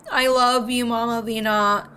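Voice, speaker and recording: A woman's voice: fairly high pitch, slow pace, sharp tone, slight background noise. A woman streamer giving casual let's-play commentary, rambling and heartfelt with lots of "like". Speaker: game streamer. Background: faint game music.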